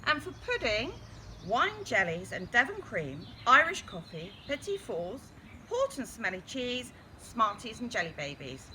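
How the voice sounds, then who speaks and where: A woman reading a children's story aloud in a lively, expressive way. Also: on the high side, measured pace, slight background noise.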